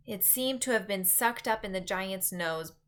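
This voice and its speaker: Bright-voiced woman reading a story aloud. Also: medium pitch, unhurried. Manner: expressive, dramatic narration.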